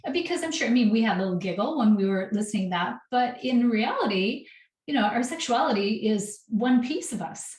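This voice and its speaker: A woman's voice: a little high, expressive, a little fast, darkish tone. Encouraging woman host in an echoey room. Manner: affirming, encouraging. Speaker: podcast host. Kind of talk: casual interview chat. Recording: echoey room, distant from the mic.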